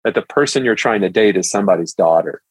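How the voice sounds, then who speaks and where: A man's voice: lowish voice, fast talker, breathy edge, dry recording, low-quality recording. A middle-aged man who is a pastor, guesting on a podcast and telling stories animatedly in a casual interview. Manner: animated storyteller who acts out quotes.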